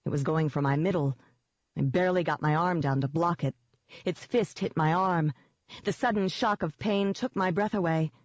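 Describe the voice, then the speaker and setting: A woman's voice: lowish voice, no echo, muffled recording. Woman narrating a tense audiobook. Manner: tense, vivid storytelling. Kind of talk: first-person scripted narration.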